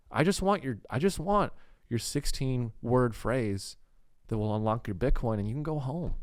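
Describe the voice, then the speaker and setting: Man voicing quiet, falsely sorry male kidnapper, polite menace, low-key and hushed. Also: natural voice.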